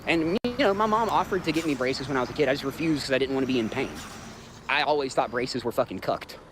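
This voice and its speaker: A man's voice: mid-range voice, animated, quick pace, background noise. A man in his thirties with a Southern US accent, hosting a livestream and ranting bluntly and profanely to his chat. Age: 30s. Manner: profane, blunt, rambling, talks straight to chat. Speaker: livestream host. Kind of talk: casual livestream rant.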